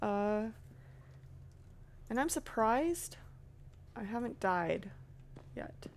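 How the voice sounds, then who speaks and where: A woman with a high voice streams a game live and talks to herself. Her commentary is nervous and jittery, and her pace is slow and drawn out. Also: expressive, a little hiss or hum. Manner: jittery, nervous self-talk. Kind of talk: casual live gameplay commentary.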